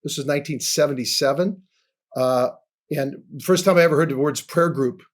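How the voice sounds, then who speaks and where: Man in his 60s, kinda high voice, earnest testimony on a podcast, goes quiet and soft a lot. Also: normal speed. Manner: earnest storyteller, often drops soft and low. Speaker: guest. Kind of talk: personal testimony in a podcast interview.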